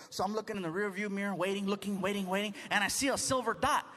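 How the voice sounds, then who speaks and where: A man telling a long story on stage in animated stand-up style. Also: high voice, quick pace. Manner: animated, laughing at his own story. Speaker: stand-up comedian. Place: stage before a live audience. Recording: noisy live show recording.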